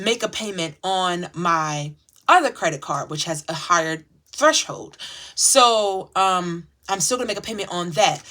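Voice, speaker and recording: A woman vlogging in a casual, chatty way, talking straight to her viewers. She turns emotional and dramatic as she sorts through her budget. Her tone is bright and forward. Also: on the low side. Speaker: channel host sharing her budgeting routine. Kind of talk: casual chat to viewers while sorting cash envelopes.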